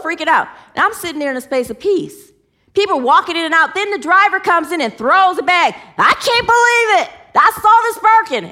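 Woman preaching a spiritual talk, high voice, says things over and over for emphasis. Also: pushed and bright. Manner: repeats phrases for emphasis, leads affirmations. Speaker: spiritual teacher.

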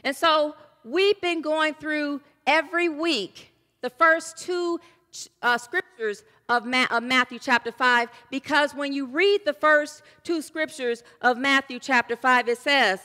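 A woman's voice: high voice, unhurried. A woman pastor giving a sermon in a church, chatty and loose, often restarting her sentences. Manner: warm conversational preaching with loose restarts. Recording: long hall reverb.

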